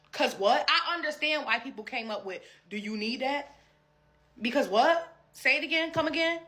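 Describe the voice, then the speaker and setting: A woman's voice: mid-range voice, sharp tone. A woman ranting bluntly and exasperated, swearing often in a casual vlog. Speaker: vlogger ranting. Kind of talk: casual rant.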